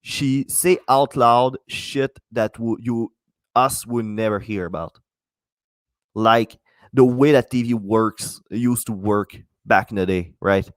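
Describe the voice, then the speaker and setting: A man's voice: medium pitch, slow, no room sound. A man hosting a solo podcast, rambling casually with lots of swearing and false starts. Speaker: podcast host.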